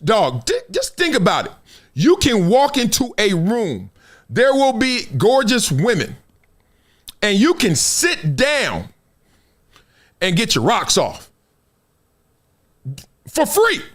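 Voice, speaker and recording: A middle-aged man hosts a live commentary stream in a high, lively voice that jumps all over the place. He reads items aloud, then breaks off into loose, slangy riffs full of laughter. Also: slow pace, pauses often. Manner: animated, laughing, slangy asides. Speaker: host.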